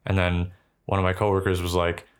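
A young man co-hosting a podcast in casual, profane chat, quick to laugh. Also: deep voice, monotone, smooth. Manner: loose and profane, laughs easily. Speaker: podcast co-host.

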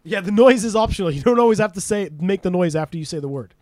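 A man with a high voice runs a casual podcast quiz. He laughs a lot, swears freely and teases his guest. The sound is dry and close. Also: lively intonation, fast, a little mellow, no echo. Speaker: podcast host. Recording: remote podcast call.

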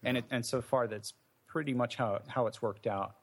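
A man's voice: mid-range voice, steady tone, moderate pace, husky. A man, an indie game developer, answering interview questions in a thoughtful, meandering way with many fillers and restarts.

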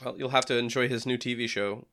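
A man's voice: mid-range voice, fairly even intonation, fast talker, fairly bright tone. A man hosting a casual movie-review podcast over a call, joking and laughing often. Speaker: podcast host.

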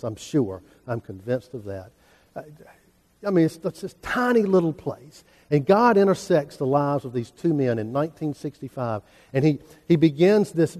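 A man's voice: fairly high pitch, warm tone. A middle-aged man, preaching a sermon in an earnest, folksy storytelling manner. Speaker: pastor. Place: church sanctuary. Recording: preacher in a large reverberant church.

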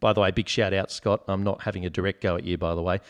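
A man's voice: deep voice, steady tone, fast talker. An Australian man hosting a casual sports podcast, joking and reading out listener comments. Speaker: podcast host.

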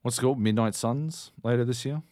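A man co-hosting a casual games podcast, joking and animated, swinging from low drawls to high exclamations. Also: fairly quick, dry recording, studio quality. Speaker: podcast co-host. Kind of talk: casual chat.

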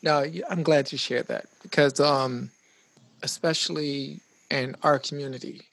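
Male host, chatty and reflective, gravelly husky voice. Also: fairly high pitch, fairly even intonation, a little slow, a bit bright, no echo. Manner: chatty, reflective, full of restarts. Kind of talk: casual conversation.

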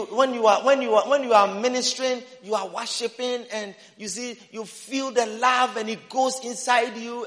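High-voiced man preaching with a shout. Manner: emphatic, repeating phrases, bursts into shouting. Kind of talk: sermon. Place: church sanctuary. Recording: roomy hall reverb.

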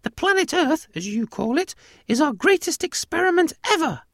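A man voicing a tiny, proud female alien mouse empress who speaks formally in a high squeak. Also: sing-song, moderate pace, creaky, a bit bright, no echo, clean studio sound, full character voice. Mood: regal.

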